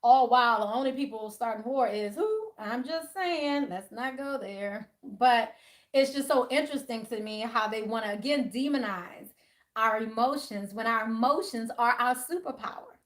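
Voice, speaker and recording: A woman hosting a spiritual livestream, talking casually and bluntly, animated and profane. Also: a little high, moderate pace.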